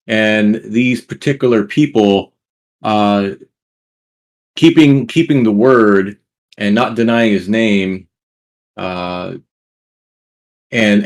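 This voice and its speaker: A man on a discussion panel speaking haltingly, with many fillers, inviting questions. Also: lowish voice, a little mellow. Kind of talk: casual group discussion.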